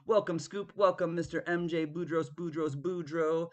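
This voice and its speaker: A man's voice: fairly high pitch, flat delivery, moderate pace, hardly any pauses. A man hosting a live online auction, greeting viewers by name in a playful, drawling way with bits of song. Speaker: auction host. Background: guitar music.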